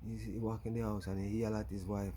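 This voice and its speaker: Jamaican man, very low voice, mellow tone, rambling vlog story, faint insect noise outdoors. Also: level tone, quick pace. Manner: rambling, with frequent "you know". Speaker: YouTuber.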